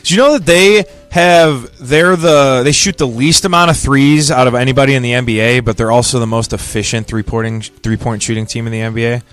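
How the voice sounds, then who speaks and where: A man co-hosting a sports radio show in a studio, arguing his points and quick to disagree. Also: medium pitch, fairly bright tone. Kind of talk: casual sports debate.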